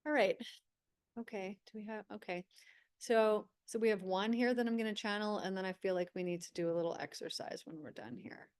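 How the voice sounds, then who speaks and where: A woman's voice: medium pitch, fairly even intonation, fairly quick, darkish tone, clear, resonant tone. Woman host narrating a channeled vision. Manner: narrates images step by step, frequent "okay". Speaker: spiritual teacher and host.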